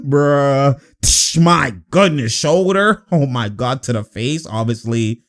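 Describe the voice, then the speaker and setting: A young man giving casual, excitable reaction commentary over basketball footage, laughing often and calling out to the players on screen. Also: mid-range voice, slow pace, few pauses.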